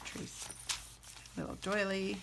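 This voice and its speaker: A woman's voice: medium pitch, completely flat delivery, slow, vocal fry, background noise. A woman in her thirties hosting a casual craft flip-through, rambling and self-deprecating, with plenty of filler words. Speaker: junk journal crafter and channel host.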